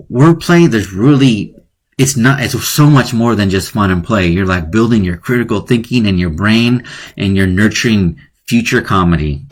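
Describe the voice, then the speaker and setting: A man's voice: lowish voice, breathy edge. A man hosting a live online lesson, playful and chatty, often chuckling at his own jokes. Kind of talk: casual live-streamed lesson.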